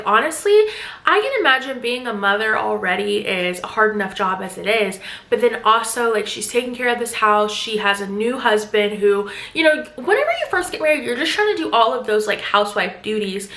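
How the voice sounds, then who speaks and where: A woman's voice: on the high side, lively intonation, normal speed, sharp tone, reverberant. A woman giving a chatty, casual book recap full of filler words. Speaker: book vlogger.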